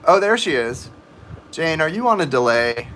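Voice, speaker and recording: A man's voice: a little high, very animated, moderate pace, pushed and bright, a little hiss or hum. A man giving tarot readings on a live stream, chatting and rambling to viewers in the chat. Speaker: tarot reader.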